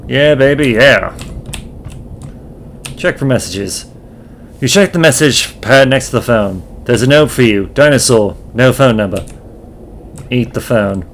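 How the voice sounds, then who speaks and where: A man playing a video game and reading its text aloud, narrating slowly as host. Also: mid-range voice, a little hiss or hum. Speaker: let's play host.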